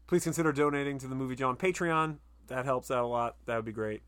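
A man's voice: mid-range voice, fast talker, fairly bright tone, clean tone. A man hosting a podcast, casually wrapping up the episode with fillers, jokes and laughs. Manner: loose and joking, with frequent laughs and fillers. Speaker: podcast host.

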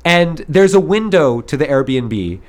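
A man hosting a podcast from a studio, his fairly high voice swooping up and down as he tells a story. He talks in an animated, digressive way, with plenty of swearing. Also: takes it slowly. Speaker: podcast host. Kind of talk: casual storytelling chat.

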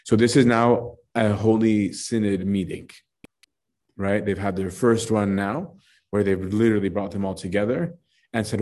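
Male bible study leader, low and dark-toned voice, casual lecturing manner, frequent "right?" check-ins. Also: fairly even intonation, moderate pace. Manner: conversational, frequent "right?" and "um" fillers. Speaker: teacher of a scripture study.

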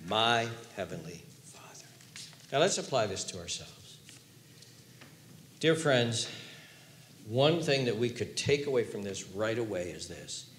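A male pastor preaching a sermon, telling a story in an animated way that swings from hushed to loud. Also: medium pitch, unhurried, long pauses, echoey room, a little hiss or hum.

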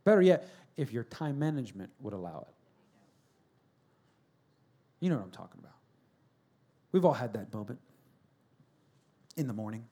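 A pastor giving a sermon in a church, swinging between loud shouted storytelling and quiet, earnest asides. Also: male voice, medium pitch, sing-song, moderate pace, long pauses.

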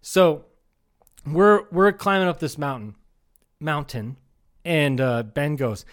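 A man's voice: a little high, expressive, slow, long pauses. Rambling, foul-mouthed man in his thirties. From Iowa. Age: 30s. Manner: rambling storyteller, swears a lot, mimics people. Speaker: podcast co-host. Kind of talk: casual comedy podcast chat.

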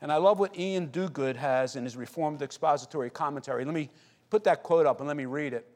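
A man with a notably high voice delivers a sermon from the pulpit. He reads scripture aloud, then swells into fervent, earnest prayer. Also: quick pace. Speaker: pastor.

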